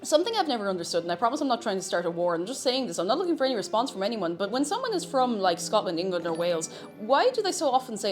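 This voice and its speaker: Chatty Irish woman, lively pitch. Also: fast talker. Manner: chatty and playful, rambling, reads out chat. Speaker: streamer. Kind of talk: casual live-stream chat while cooking. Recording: faint music in background.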